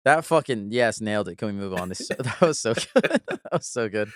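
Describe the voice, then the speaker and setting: A man hosts a podcast in casual, excited chat, laughing often and swearing freely. His voice sounds smooth and clear. The sound is dry and close. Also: fairly low pitch, normal speed, no echo. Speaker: podcast host.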